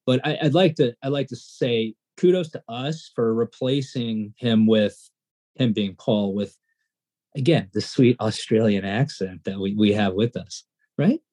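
Male co-host, excitable, rambling talker, mellow husky tone. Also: mid-range voice, unhurried. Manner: excitable, rambling, self-deprecating. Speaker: podcast co-host. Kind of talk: casual podcast chat.

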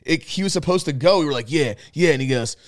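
A man's voice: on the high side, racing. A man in his thirties co-hosting a podcast, telling loose, profane stories and acting out his friends' lines. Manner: animated storyteller, swears freely, acts out friends' lines. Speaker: podcast co-host. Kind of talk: casual chat.

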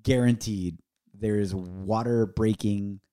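A man's voice: lowish voice, slow pace, clean tone. A man co-hosting a podcast, telling a story casually and acting out the quoted dialogue with energy. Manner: animated, acts out quoted dialogue. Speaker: podcast co-host.

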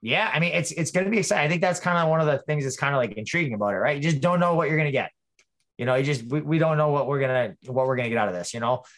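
A man's voice: a little high, rapid-fire, a bit bright. A man talking as a guest in a casual interview, rambling with lots of restarts and fillers. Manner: rambling, many restarts and "you know". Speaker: fighter, guest.

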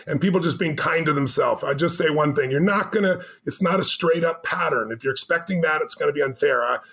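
A man's voice: fairly high pitch, brisk, fairly bright tone. A man as a podcast guest, telling a motivational story with emphatic, urgent punch.

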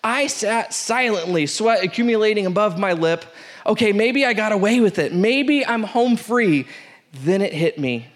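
A man hosting a show, reading a funny first-date story aloud with lively, laughing delivery. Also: sits high, moderate pace. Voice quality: animated, breaks into laughter, shouts out the quoted lines. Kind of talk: comic storytelling read aloud.

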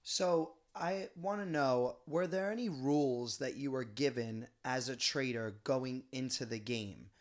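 A man's voice: medium pitch, unhurried, few pauses. Curious, chatty man co-host. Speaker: podcast co-host. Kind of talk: casual podcast chat.

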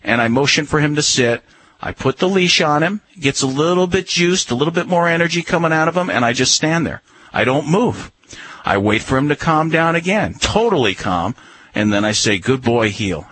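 A man giving calm, firm dog-training advice to a radio caller, coaching him step by step. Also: fairly high pitch, breathy edge, no room sound, poor audio. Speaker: dog behavior expert.

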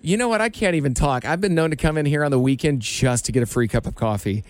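A man hosting a radio show, bantering in a jokey way with quick interjections. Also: on the high side, no echo, studio quality. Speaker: radio host. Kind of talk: casual radio chat.

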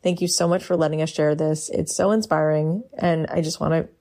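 A woman with a low, gravelly voice wraps up a podcast episode. She speaks encouragingly, praising her guest and urging listeners to support them. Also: steady tone, brisk, dark tone. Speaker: podcast host. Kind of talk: podcast outro.

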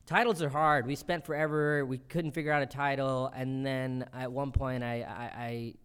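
A man in his thirties, a comedian being interviewed, telling quick, animated stories and acting out quotes. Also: medium pitch, clear, resonant tone. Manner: quick, animated storytelling with acted-out quotes and laughter. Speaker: comedian and show creator, guest. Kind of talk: casual interview.

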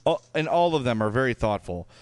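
A man with a Chicago accent co-hosts a hockey podcast in an easygoing, rambling way, dotted with fillers. His voice is smooth and resonant, and the sound is dry and close. He sits at a middle pitch. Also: lively intonation, brisk, darkish tone, no echo. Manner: chatty, full of fillers and restarts. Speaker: podcast co-host. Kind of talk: casual chat, reading listener emails.

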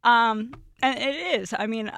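A woman's voice: a little high, measured pace, vocal fry, no echo, studio quality. A woman in her forties, a podcast guest, telling emotional stories in casual chat. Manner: emotional, expressive storyteller. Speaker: guest, former roommate.

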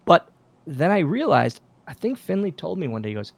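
A man, a former pro wrestler, telling backstage stories as a guest in a casual interview, lively and full of acted-out quotes. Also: fairly high pitch, a little fast, creaky, husky. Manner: animated anecdotes, acts out quoted dialogue, many restarts. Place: podcast studio.

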